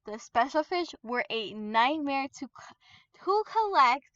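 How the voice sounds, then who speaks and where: A woman with a fairly high voice chats casually over her gameplay, rambling and laughing as she gets excited. The sound is dry and a little muffled, like a basic home microphone. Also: a little slow, no echo. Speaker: gaming YouTuber.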